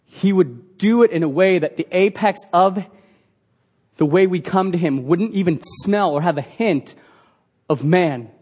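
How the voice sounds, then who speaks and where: A man's voice: high voice, measured pace, darkish tone, breathy edge. A man preaching a sermon as pastor, earnest and emphatic, asking the congregation rhetorical questions.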